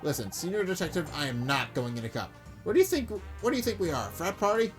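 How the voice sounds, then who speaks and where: A man's voice: on the high side, big pitch swings, fast talker, faint music behind. A man voicing a flamboyant male makeup artist, theatrical and catty. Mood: huffy.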